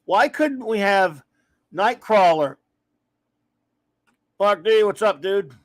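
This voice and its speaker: A Louisiana man hosts a casual comics livestream, reading viewer comments in a high, relaxed voice as he wanders from opinion to opinion and warmly welcomes his audience. He is expressive but slow, and the recording is dry and close-miked with no room ambience.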